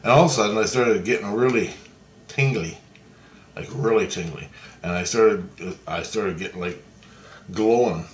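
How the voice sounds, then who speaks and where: A man's voice: on the low side, normal speed, pauses often, a little hiss or hum. A man casually telling a long story in a rambling, repetitive way, swearing freely. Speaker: vlogger. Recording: echoey room.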